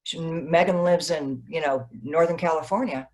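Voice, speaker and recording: A woman novelist, a guest in an interview, telling stories in a lively way and acting out what people said. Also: low voice, normal speed. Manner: animated, acts out quoted dialogue. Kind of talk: conversational interview, storytelling.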